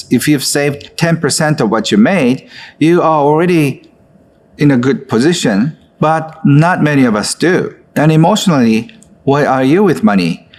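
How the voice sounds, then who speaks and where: A man who leads a guided exercise in an online course, speaking gently and coaxingly with frequent filler words. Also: medium pitch. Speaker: course instructor.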